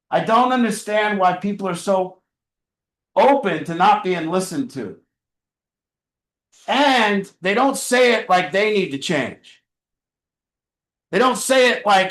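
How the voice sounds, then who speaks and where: A man's voice: sits high, normal speed, a bit bright, echoey room, low-quality recording. A man leading an addiction family support group, talking earnestly in a repetitive, preaching rhythm full of rhetorical questions. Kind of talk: motivational group talk. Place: meeting room with a group.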